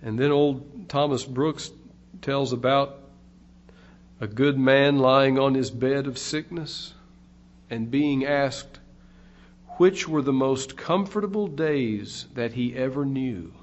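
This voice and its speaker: A man preaching a sermon in a slow, deliberate way, his voice swelling louder on key phrases. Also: medium pitch. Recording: dull lo-fi recording.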